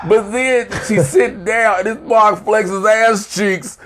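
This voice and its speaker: A man co-hosts a casual TV episode review, his voice sitting a little high. He tells the story with lively swings and squeaky voices for the characters. He laughs often as he goes. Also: normal speed, few pauses. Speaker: co-host of a TV review show. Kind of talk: casual banter recapping an episode.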